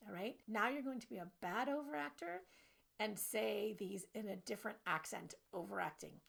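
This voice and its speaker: Woman coach, playful instructional video, a touch of vocal fry, mid-pitched. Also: moderate pace. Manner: animated and playful. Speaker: self-help coach.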